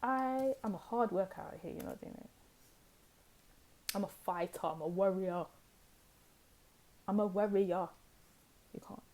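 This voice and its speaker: A young woman giving a pick-a-card tarot reading, talking in an emphatic, animated way and repeating phrases for stress. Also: mid-range voice, measured pace, long pauses. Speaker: tarot reader.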